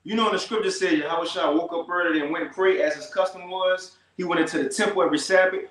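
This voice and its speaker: A man teaching scripture in a casual, slangy way, slowing down to read verses with emphasis. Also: high-pitched, fairly even intonation, a bit bright, reverberant, poor audio. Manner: slow, emphatic scripture reading.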